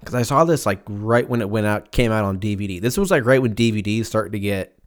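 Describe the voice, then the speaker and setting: A man's voice: fairly low pitch, a little fast. An American man in his thirties with a slight lisp, hosting a podcast in casual, profane, joking chat and stumbling over words. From United States. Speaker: podcast host.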